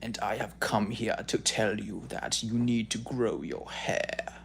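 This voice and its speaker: A man voicing a vain, boastful long-haired male influencer who drags out his words in a slow, pompous way. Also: fairly low pitch, steady tone, vocal fry, slight background noise. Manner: slow, pompous, drawn-out delivery.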